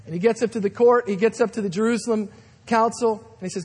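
A man's voice: high-pitched, fairly even intonation, fast talker, darkish tone, slightly rough. A man in his thirties preaching a sermon as a guest pastor, telling stories dramatically with acted-out voices. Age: 30s. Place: large church sanctuary. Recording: long hall reverb.

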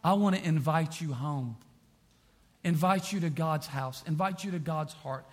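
A man preaching a sermon as pastor, repeating phrases and swinging from quiet to impassioned. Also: on the high side, normal speed.

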